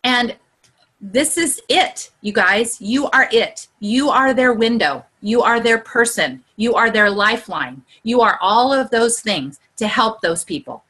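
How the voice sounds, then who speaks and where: A woman leading a video-call coaching session, excitable and earnest, her voice climbing high when she gets excited. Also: measured pace, slightly rough. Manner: earnest and encouraging, building to heartfelt pep talk. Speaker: group leader.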